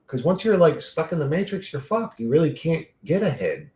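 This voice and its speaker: A man's voice: fairly high pitch, sing-song, moderate pace, a little mellow, reverberant. A man hosting a livestream, rambling casually and profanely while reading and answering chat. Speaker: livestream host.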